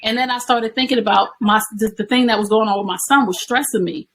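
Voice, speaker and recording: A woman's voice: fairly high pitch, quick pace, a bit bright, rough recording. A woman being interviewed, explaining her points in a teaching way and asking herself rhetorical questions that often end in "right?". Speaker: guest. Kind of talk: conversational interview.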